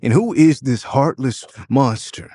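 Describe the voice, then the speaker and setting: A man's voice: mid-range voice, animated, unhurried, mellow, breathy edge, dry recording, pitched above the performer's own voice. A man playing a stern, scolding father. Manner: firm, scolding. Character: stern disappointed middle-aged father. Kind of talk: audio drama narration.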